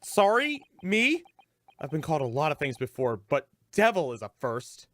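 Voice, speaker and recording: A man's voice: mid-range voice, expressive, voice pushed up, natural voice. A man doing a flustered young hero. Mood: indignant. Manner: indignant, quick protests.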